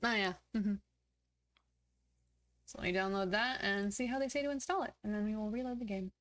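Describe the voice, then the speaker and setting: A woman's voice: mid-range voice, fairly quick, a bit bright, no echo. A woman streamer chatting on a gaming livestream who talks frankly and bluntly and swears freely. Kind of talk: casual chat on a gaming livestream.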